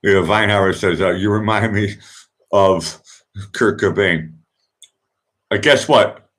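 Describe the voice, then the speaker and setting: A man's voice: lowish voice, takes it slowly, a bit bright. A man, hosting a late-night online music request show in a rambling, chatty way with many restarts and asides. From Boston, USA. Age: 50s. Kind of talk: casual late-night livestream chat.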